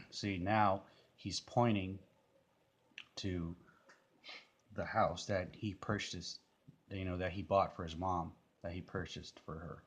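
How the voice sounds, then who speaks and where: A man's voice: low-pitched, steady tone, slow pace, long pauses, breathy edge. A man giving casual, rambling commentary on a music video, full of fillers and restarts.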